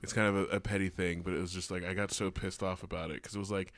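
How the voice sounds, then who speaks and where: A man's voice: sits low, flat delivery, quick pace, a bit bright, dry recording. A young man, a teacher and podcast co-host, ranting with profane exasperation in a casual chat.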